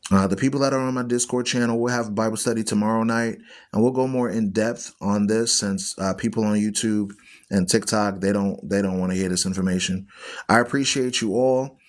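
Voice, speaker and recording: A man's voice: fairly low pitch, steady tone, brisk. A man hosting an online Bible radio show, teaching scripture in an emphatic, preachy way and repeating phrases for stress. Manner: preachy, argues with viewers.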